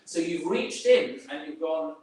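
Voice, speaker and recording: A man whose voice is on the high side, animated, slightly slow, and darkish in tone gives an informal talk to a group at work. He keeps restarting and filling gaps with fillers. The room echoes heavily and he's distant from the mic.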